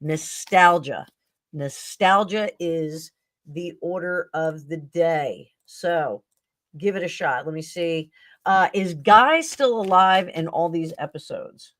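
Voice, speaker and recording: A woman's voice: on the low side, slow pace, fairly bright tone, no room sound. A middle-aged woman hosting a live tarot stream, chatting casually and rambling with fillers and self-corrections.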